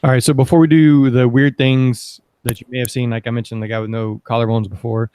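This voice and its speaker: A man's voice: mid-range voice, little pitch movement, fairly quick, mellow, clear, resonant tone. A man hosting a sports medicine podcast, chatty and upbeat, drifting into side stories before steering back. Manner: chatty, upbeat, rambling asides. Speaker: podcast host. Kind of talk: casual panel discussion.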